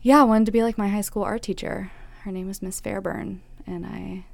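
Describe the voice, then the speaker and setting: A woman's voice: mid-range voice, steady tone, gravelly. A young woman being interviewed about her life, talking candidly and reflectively, often acting out what was said. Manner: candid, reflective, with quick laughs and acted-out quotes. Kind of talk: personal life-story interview.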